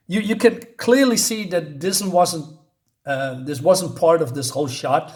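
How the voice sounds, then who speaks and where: A man's voice: on the high side, lively intonation, a little slow. A man reviewing a comic book in a scornful, exasperated rant, often stumbling into restarts.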